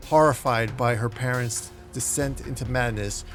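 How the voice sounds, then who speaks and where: Guy recapping a comic book, gravelly voice, dramatic, faint music under him. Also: mid-range voice, fairly even intonation, normal speed. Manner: dramatic storytelling.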